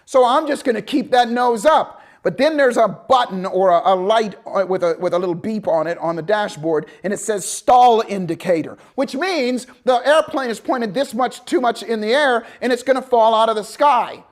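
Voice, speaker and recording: A man teaching a motivational seminar, telling a story with lively acted-out dialogue and swings between loud bursts and hushed, calm passages. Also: very high-pitched, normal speed, few pauses. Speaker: motivational coach.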